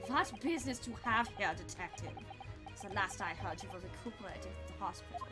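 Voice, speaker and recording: A woman's voice: mid-range voice, animated, a little fast, over loud music, pitched below the performer's own voice, close to an everyday voice. A woman voicing a stern old male judge in a game, speaking formally and stately.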